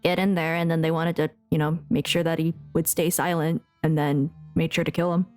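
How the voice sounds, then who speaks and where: A woman's voice: low voice, flat delivery, brisk, darkish tone, no room sound, faint music behind. A young woman streamer and voice actress chatting casually while playing a game, giggly and flustered, rambling. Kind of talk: casual live gameplay chat.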